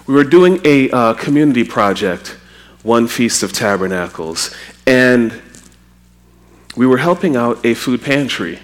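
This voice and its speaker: A Trinidadian man delivers a sermon in a mid-range voice, a little slow. He's animated, raising his voice as he acts out quotes.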